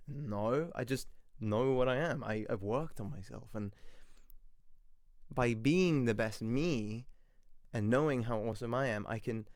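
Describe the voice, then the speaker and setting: A man hosting a podcast, giving a lively motivational monologue that he argues through in questions and answers. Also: medium pitch, dry recording, studio quality. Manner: animated, playful, acts out little voices; talks to himself in questions and answers. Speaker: podcast host.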